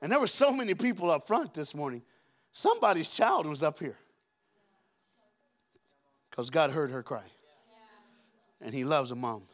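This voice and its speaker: A man preaching a sermon in a church, storytelling with humor and acting out voices from the Bible. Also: on the high side. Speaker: guest preacher. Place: church auditorium.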